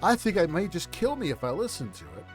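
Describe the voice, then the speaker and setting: A man's voice: high-pitched, huge pitch swings, fast, soft background music. A man streaming, giving crude, rambling reaction commentary, mocking what he plays and laughing often.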